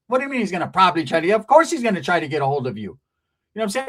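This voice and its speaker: A man's voice: high-pitched, big pitch swings, rapid-fire, fairly bright tone. A man telling a casual story in slangy, profane speech, acting out the people he quotes.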